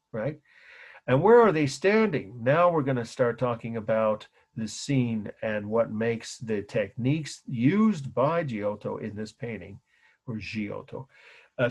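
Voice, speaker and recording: A middle-aged man teaches an art history class. His voice is husky and sits in an ordinary middle pitch. He spells out names letter by letter and drifts into asides. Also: darkish tone. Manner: spells out terms letter by letter, frequent restarts and asides. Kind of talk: classroom lecture.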